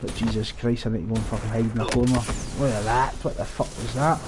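This young gaming streamer talks quickly in a medium-pitched voice with fairly even intonation, playing a shooter at home on a headset. Background noise runs under his casual, sarcastic, profanity-laced remarks, often broken by laughter.

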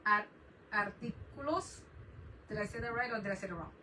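Woman, craft live-stream host, bright tone, chatty, laughs a lot, distant mic, faint background hiss. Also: medium pitch, brisk. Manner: chatty, laughs often, greets viewers by name. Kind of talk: casual live-stream chat while crafting. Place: home craft desk.

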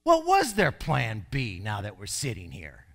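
A male pastor preaching a sermon in an emphatic way, with sudden loud bursts. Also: on the low side, wildly swooping pitch, unhurried.

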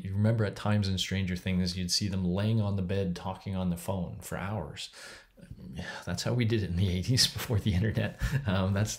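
A middle-aged man giving a casual recorded lecture from home, talking in a conversational, rambling way. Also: sits low. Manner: conversational, rambling with restarts and soft laughs.

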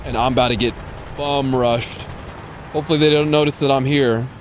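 A man's voice: medium pitch, steady tone, brisk, a little hiss or hum. A man casually commentating his own live gameplay, slangy and swearing freely. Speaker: streamer.

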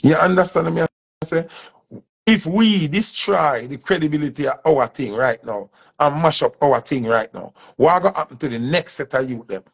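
A man's voice: fairly high pitch, animated, normal speed, creaky, slightly rough. A Jamaican man from the dancehall scene, giving an emphatic, preachy speech and repeating his points. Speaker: dancehall artist. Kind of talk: impassioned speech to camera.

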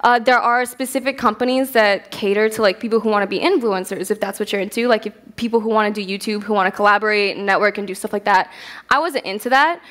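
A woman's voice: mid-range voice, fast talker, a bit bright. A young woman giving a casual, candid stage talk at a festival, telling stories with lots of swearing and laughter. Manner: candid, profane, laughs often. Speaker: festival speaker.

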